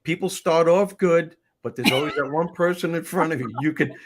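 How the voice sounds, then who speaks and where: An older man hosting a casual talk show, telling stories in an animated way and acting out the people in them. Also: fairly high pitch, a little fast. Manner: animated storyteller, acts out characters. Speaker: host.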